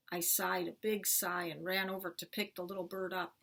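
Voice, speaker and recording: A woman teacher reading a chapter book aloud to children, clear and expressive. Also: medium pitch, moderate pace, few pauses.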